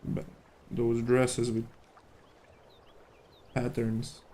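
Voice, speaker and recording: A man's voice: medium pitch, monotone, very slow, dark tone. A man with a worn-out voice, rambling and thinking aloud in casual chat while sketching on a live stream. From Serbia.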